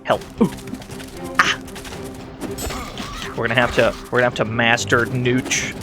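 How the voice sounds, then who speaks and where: Slow, lively-voiced male streamer, game music behind. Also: medium pitch. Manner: playful, laughs often, mock-dramatic. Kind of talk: casual gameplay commentary.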